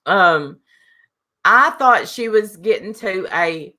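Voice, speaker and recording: A chatty woman hosts a live stream in a bright, forceful voice. She rambles, restarts her sentences and speaks bluntly. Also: mid-range voice, big pitch swings, slow pace, long pauses. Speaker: live show host. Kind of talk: casual live stream chat.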